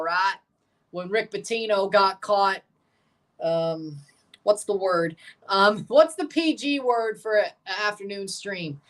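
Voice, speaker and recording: A man's voice: high voice, fairly bright tone, recorded from a distance. A man from the Mississippi Delta, commenting casually through a livestream watchalong of a match in a jokey, rambling way full of asides and self-corrections. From Mississippi Delta, USA. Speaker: streamer reacting to a football match.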